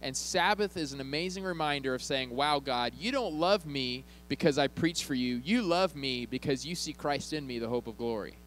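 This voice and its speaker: A male pastor preaching in a church, talking to the congregation in a loose, conversational way and slipping in jokes. He keeps checking in with them as he goes, and his voice sits in an ordinary middle pitch. A faint hum runs underneath. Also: expressive, normal speed, few pauses, a bit bright, rough recording. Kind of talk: sermon.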